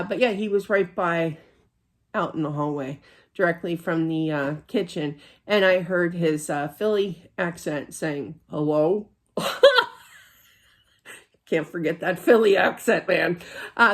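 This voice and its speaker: A woman's voice: on the low side, expressive, unhurried. A middle-aged woman giving a casual spiritual reading, chatty and rambling, full of fillers and restarts. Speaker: psychic reader.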